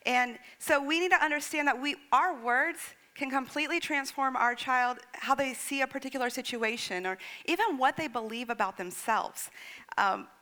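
A woman's voice: high-pitched, normal speed, bright, forceful tone. A woman in her thirties preaching a sermon, telling stories expressively and acting out her child's lines. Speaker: pastor.

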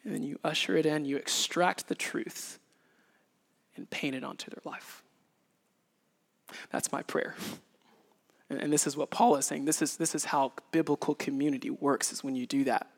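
A man in his thirties preaching a sermon in an animated way, acting out little scenes with sound effects. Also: fairly high pitch, normal speed, creaky, pauses often. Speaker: pastor. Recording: reverberant hall.

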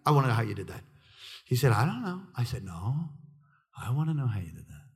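A middle-aged male pastor preaching through a personal story, acting out the people in it and swinging between loud excitement and hushed quiet. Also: medium pitch, fast talker, husky. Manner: animated, acts out quoted voices, swings from loud excitement to hushed near-whisper. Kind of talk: sermon storytelling.

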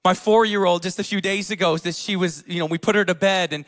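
Male pastor, thirties, high-pitched voice, casual conversational sermon that moves between quiet and loud. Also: fairly even intonation, fast. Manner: casual storytelling with fillers, swinging between hushed and loud.

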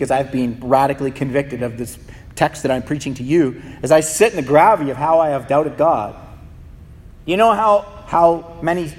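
A male pastor giving an impassioned sermon in a church, often repeating words as he builds a point. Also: on the high side. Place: church sanctuary. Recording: reverberant hall.

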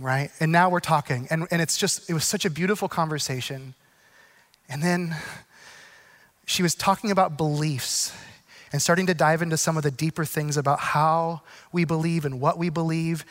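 Pastor guy w a pretty high voice, chatty storytelling sermon, gets earnest. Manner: animated, self-deprecating storyteller turning earnest and slow.

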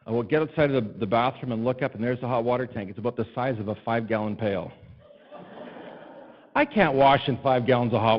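A male pastor telling a personal story in a sermon, animated and self-deprecating, rising to exasperated cries to God. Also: mid-range voice, brisk, big-room sound, highs cut off.

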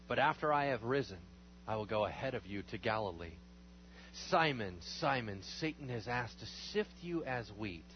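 A man preaching as a pastor, praying over communion and reading scripture aloud, rising loud and high on emphatic lines and dropping to low murmurs. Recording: slightly dull recording with faint hum.

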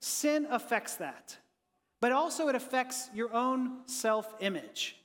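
A pastor giving an energetic, conversational sermon and talking with his congregation in a church. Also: very high voice, slow, long reverb tail.

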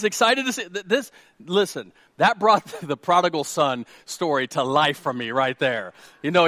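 A man, preaching a sermon with animated storytelling and questions to the congregation. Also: high-pitched, no echo, clean studio sound. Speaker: pastor.

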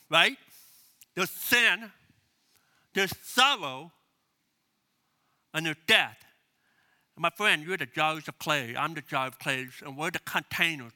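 A man's voice: sits high, sharp tone. A man preaching a sermon as pastor, emphatic and repetitive, leading the congregation to repeat phrases after him. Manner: emphatic, repeats key phrases, leads congregation call-and-response.

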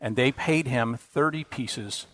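Guy preaching a sermon, middle pitch, earnest, gets loud then goes quiet, trips on words now and then. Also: slow pace. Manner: earnest preaching with emphatic rises and quiet drops, occasional restarts. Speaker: pastor.

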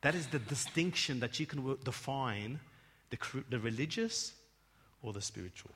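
A man preaching a sermon in church, emphatic and swelling to loud peaks, often restarting his words. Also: medium pitch, lively intonation, normal speed, slightly rough. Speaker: pastor. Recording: long hall reverb.

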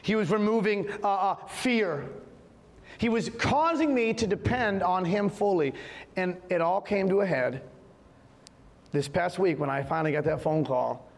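A man's voice: high-pitched, a little slow, big-room sound. A man in middle age, a pastor preaching an impassioned sermon with emphatic repetition in a church. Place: church sanctuary.

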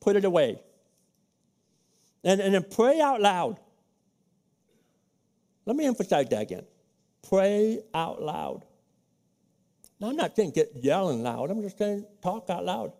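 Conversational pastor with a high voice. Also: male voice, big pitch swings, moderate pace, long pauses. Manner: conversational, practical, acts out his own prayers in a hushed voice. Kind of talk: sermon. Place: church sanctuary.

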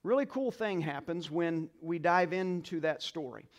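High-voiced preaching man. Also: lively intonation, measured pace. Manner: call-and-response preaching, swings between soft and loud. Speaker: pastor. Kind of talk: sermon. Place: church sanctuary.

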